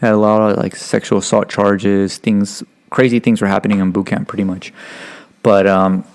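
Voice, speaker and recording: A man's voice: fairly low pitch, moderate pace. A young man from Stockton, California, telling loose, profane stories as a podcast guest, heavy on "like" and "you know". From Stockton, California, USA. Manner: acts out quotes in lively voices. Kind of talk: casual podcast storytelling.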